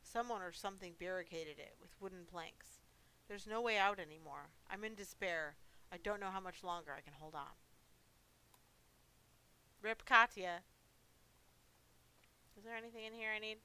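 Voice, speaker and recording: Bright-voiced woman narrating a horror game. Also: medium pitch, a little fast, smooth. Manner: dramatic storytelling, giggly and cheeky commentary. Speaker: game streamer. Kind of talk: reading game story aloud with playful asides.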